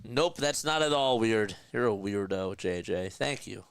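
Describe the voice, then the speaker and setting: A young man streaming live play-by-play of a baseball game, chatting with his viewers between pitches and lifting his voice for each call. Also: expressive, measured pace, smooth, dry recording. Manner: pitch calls rise in pitch and energy. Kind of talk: live play-by-play commentary with chat.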